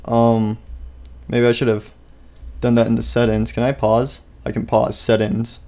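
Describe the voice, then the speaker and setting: A man's voice: mid-range voice, flat delivery, unhurried, mellow. Chatty young man gaming. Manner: chatty, talks to himself, easily startled. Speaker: gaming YouTuber. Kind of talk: casual let's-play commentary.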